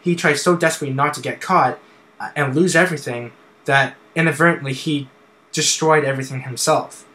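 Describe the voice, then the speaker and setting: A man co-hosting a casual film discussion, talking in a halting way with many fillers and restarts. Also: fairly high pitch, pushed and bright, low-quality recording.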